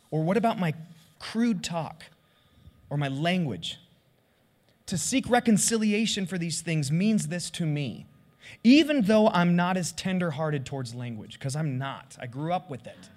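Lively high-voiced man preaching. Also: unhurried. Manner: candid and confessional, acting out his own prayers. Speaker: pastor. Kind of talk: sermon.

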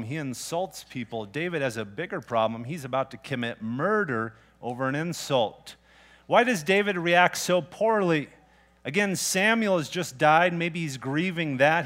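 A pastor delivering a sermon in a relaxed, everyday way of talking. His voice sits a little higher than most men's. He poses direct questions to his listeners and retells scripture in casual words. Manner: conversational, plain-spoken preaching with rhetorical questions.

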